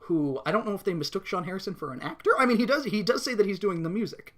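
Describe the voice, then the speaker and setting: A woman's voice: medium pitch, lively intonation, fast. A young woman co-hosting a podcast, recapping a cartoon episode in casual chat, laughing often and swearing freely. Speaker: podcast co-host.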